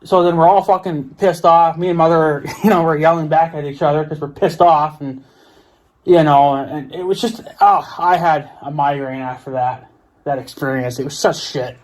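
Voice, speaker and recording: A man's voice: on the high side, fairly even intonation, moderate pace. Profane, exasperated American man ranting. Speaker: vlogger. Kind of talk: ranting monologue.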